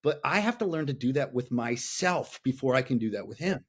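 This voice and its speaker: A middle-aged man talking as a guest on a podcast over a call, blunt and intense, swearing freely and asking himself rapid questions. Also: medium pitch, lively intonation, breathy edge. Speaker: podcast guest, fathers' coach. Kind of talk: candid podcast conversation. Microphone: remote call.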